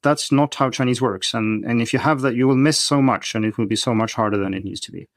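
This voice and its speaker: A man with a mid-range voice talks at a quick pace, recorded with studio quality and no echo. He's a guest on a podcast, an expert on learning Chinese, explaining the topic methodically like a teacher.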